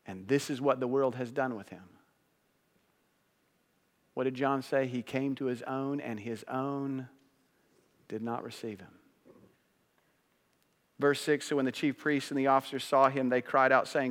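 A pastor delivers a sermon in a church sanctuary with an ordinary mid-range voice. He sinks into hushed, slow phrases and then rises to loud, high peaks, his words carrying a long reverb through the hall.

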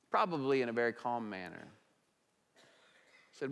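A male pastor preaches in a mid-pitched voice, swinging from loud, emphatic declarations to quiet, intimate asides. His voice rings with the long reverb of a church hall. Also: moderate pace, pauses often, clean tone. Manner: animated preaching with big swings in loudness. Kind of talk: sermon.

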